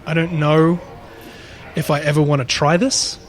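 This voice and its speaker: A man's voice: fairly high pitch, little pitch movement, moderate pace. A man co-hosting a podcast, casually retelling a paranormal story in a rambling way, with frequent swearing. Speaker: podcast co-host.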